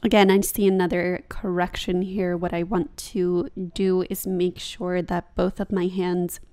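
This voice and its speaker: Young woman, slow-paced, casual chatty yoga voice-over, self-amused. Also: on the low side, little pitch movement, dark tone. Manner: casual, chatty, laughs at herself. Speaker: yoga vlogger. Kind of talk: voice-over commentary on yoga practice.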